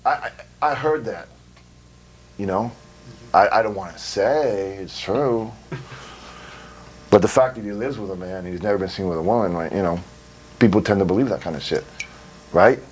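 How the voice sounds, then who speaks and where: A man's voice: fairly low pitch, moderate pace, pauses often, a little hiss or hum. A man giving a blunt, rambling interview, swearing freely and laughing between stories. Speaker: interviewee, wrestler. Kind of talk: casual profane interview. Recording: recorded in 2002.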